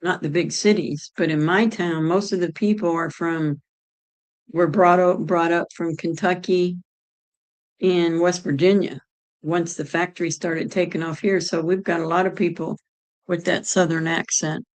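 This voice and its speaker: A woman's voice: lowish voice, steady tone, measured pace, low-quality recording. A middle-aged woman from Ohio, chatting casually and rambling as she answers her viewers' chat. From Ohio, United States.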